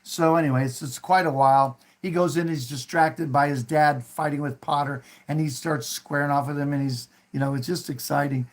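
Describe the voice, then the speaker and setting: A man with a slightly higher-than-usual voice talks through a favorite film at an easy, rambling pace. He stops often with fillers and restarts his sentences. When he quotes the characters, he raises his voice to act out their lines. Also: fairly even intonation, moderate pace, few pauses. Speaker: host. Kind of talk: casual film discussion.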